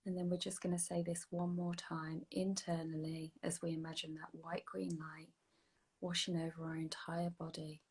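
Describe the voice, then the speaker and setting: A woman guiding a slow, soothing breathing and energy healing meditation, sometimes dropping to a soft whisper. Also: low voice, flat delivery, breathy edge. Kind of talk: guided meditation. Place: online video session.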